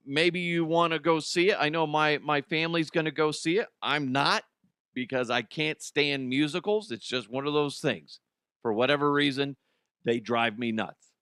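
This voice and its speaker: A man's voice: fairly high pitch, fairly even intonation, measured pace, sharp tone, smooth, dry recording, clean studio sound. A man hosting a comedic news segment, rambling, swearing and laughing at his own jokes. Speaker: host.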